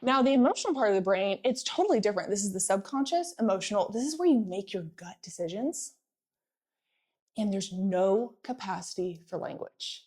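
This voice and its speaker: A pregnant woman in her thirties giving a lively sales training talk to a live audience, often asking them to answer back. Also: medium pitch, brisk. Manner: energetic, playful, asks audience for responses.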